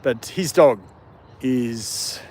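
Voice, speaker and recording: A man with an Australian British accent, rambling easily and chuckling as he hosts a live stream. He speaks at a middling pitch into his phone outdoors in a park, with faint noise and passing traffic behind him. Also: animated, drawn-out words, darkish tone. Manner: rambling and chuckling, talking to chat and dogs. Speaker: live-stream host walking his dogs. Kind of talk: casual live-stream chat.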